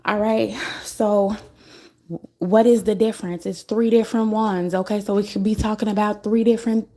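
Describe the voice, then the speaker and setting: A woman on a livestream talks through a spiritual message in a loose, musing way. She circles back on her points and keeps checking in with "okay?". Her voice is mellow and mid-pitched. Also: steady tone, normal speed. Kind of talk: casual spiritual livestream talk.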